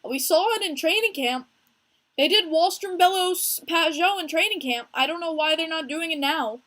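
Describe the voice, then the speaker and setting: A young American woman hosting a casual hockey podcast stream, talking in an animated, chatty way and answering viewers by name. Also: very high voice, moderate pace. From United States. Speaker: podcast host streaming live with chat.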